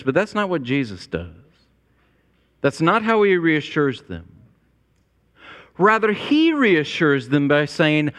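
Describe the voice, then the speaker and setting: A man preaches in a church sanctuary, his fairly high voice climbing to emphatic peaks before sinking low and quiet. Long reverb from the big hall hangs behind every phrase. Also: big pitch swings, measured pace. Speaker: pastor. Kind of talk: sermon.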